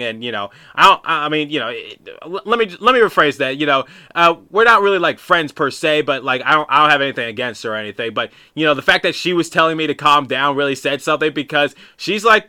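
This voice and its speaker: A man's voice: medium pitch, bright, forceful tone, clear, resonant tone. A man hosting a podcast, telling a story in a casual, rambling way with many restarts and asides. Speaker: podcast host.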